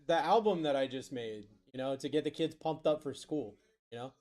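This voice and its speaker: A man's voice: a little high, normal speed, darkish tone. A man hosting a live card break stream, reading out player names and answering chat. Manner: rattles off player names, reads chat aloud.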